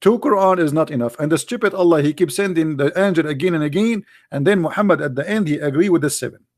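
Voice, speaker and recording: High-voiced mocking male commentator. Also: fast talker, a little mellow. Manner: mocking, emphatic, rhetorical questions; non-native English grammar. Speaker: religious commentator. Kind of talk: argumentative monologue.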